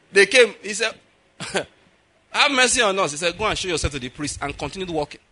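A man preaching a sermon in an animated way, acting out voices and laughing at his own jokes. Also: high voice, moderate pace, slightly rough.

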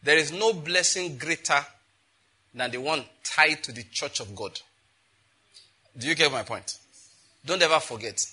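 A man's voice: fairly high pitch, a little slow, long pauses, bright, forceful tone, husky. A man, preaching a sermon as pastor, reading scripture and emphatically quizzing the congregation.

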